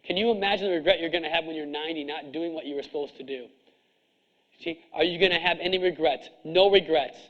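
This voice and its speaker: A middle-aged man with a high voice delivers a fervent, preachy motivational talk, hammering his points home by repeating them. The recording is dull and lo-fi. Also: fast talker. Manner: intense, preachy, repeats himself for emphasis. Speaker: chiropractor speaking to students.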